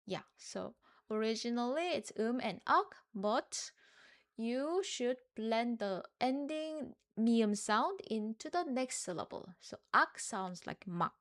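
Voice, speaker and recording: A woman's voice: on the high side, fairly bright tone. A woman, teaching a live lesson in English and patiently repeating each word for learners. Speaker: Korean language teacher. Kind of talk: live online Korean lesson.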